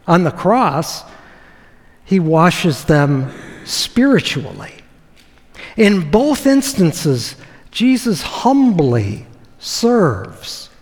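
Slow, lively-voiced pastor preaching. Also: male voice, sits high. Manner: conversational, asks the audience questions, with deliberate pauses. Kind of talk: sermon. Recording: long hall reverb.

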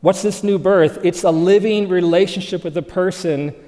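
Male preacher, upper-register voice, animated sermon delivery that drops to quiet intimacy, recorded in a hall with a long echo tail. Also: sits high, normal speed. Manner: animated, swings from loud emphasis to hushed softness. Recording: long reverb of a large hall.

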